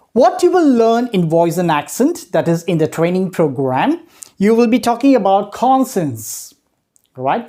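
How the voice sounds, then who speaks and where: Mellow low-voiced woman trainer. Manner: checks in often with "right?" and "okay"; hesitant, frequent "uh" pauses. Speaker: voice and accent trainer. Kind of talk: explanatory training talk.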